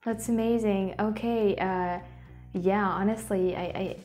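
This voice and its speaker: A woman's voice: mid-range voice, steady tone, a little slow, darkish tone, soft background music. A woman with a French accent, a native French speaker, chats casually as a video host, hesitating and restarting often. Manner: hesitant, many fillers and restarts. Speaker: YouTube host. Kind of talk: casual commentary.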